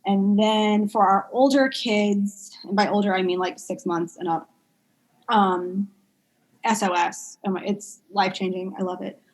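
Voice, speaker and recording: A woman's voice: mid-range voice, a little slow. Chatty woman, pediatric speech therapist. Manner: chatty, animated storytelling with many fillers. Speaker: pediatric speech-language pathologist guest. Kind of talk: casual conversational interview.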